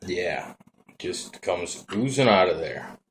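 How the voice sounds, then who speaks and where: A man's voice: low-pitched, big pitch swings, slow, slight background noise. A man from Minnesota with a Minnesotan accent, rambling casually as he demonstrates his hobby gear in a vlog. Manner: laid-back, rambling, folksy. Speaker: vaping hobbyist vlogger. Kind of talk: casual hands-on demo.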